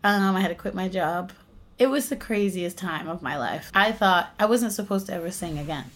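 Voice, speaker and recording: Woman, young adult, stage singer, interview guest, animated storyteller. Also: lowish voice, moderate pace. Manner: animated storytelling, laughs often. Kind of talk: casual interview chat.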